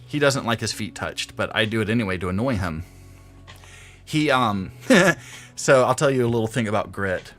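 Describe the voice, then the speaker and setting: A man's voice: on the low side, lively intonation, normal speed, fairly bright tone, soft background music. Young guy streaming, chatty and laughy, voice jumps all over the place. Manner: chatty, laughs often, rambling anecdotes. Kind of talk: casual gameplay stream chat.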